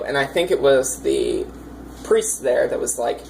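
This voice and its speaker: A woman's voice: extremely low pitch, slow pace, creaky, a little mellow, slight background noise, low-quality recording. A woman dungeon master casually recounting her tabletop campaign in a chatty, rambling way with lots of fillers.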